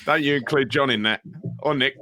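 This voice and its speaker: A man's voice: mid-range voice, fairly quick, background noise. A man co-hosting a football podcast in casual chat, talking bluntly and swearing as a traditionalist. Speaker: podcast co-host.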